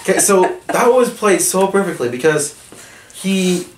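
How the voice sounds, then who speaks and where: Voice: medium pitch, expressive, a little slow. A co-host in a casual TV recap chat, talking like an enthusiastic fan with lots of fillers. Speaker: podcast co-host. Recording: echoey room, far from mic, faint hiss.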